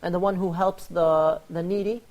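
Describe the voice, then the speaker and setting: A man hosting a religious panel talk on charity, telling stories in an animated way and acting out the quoted lines. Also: high-pitched, normal speed, dull audio. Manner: animated storyteller, acts out quoted dialogue. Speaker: host.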